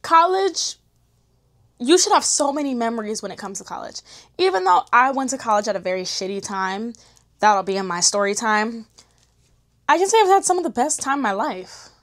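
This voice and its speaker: A woman's voice: on the high side, expressive, moderate pace, fairly bright tone. A young woman chatting candidly to camera, slangy, emotional and encouraging. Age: young adult. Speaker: vlogger. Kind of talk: casual chat to camera.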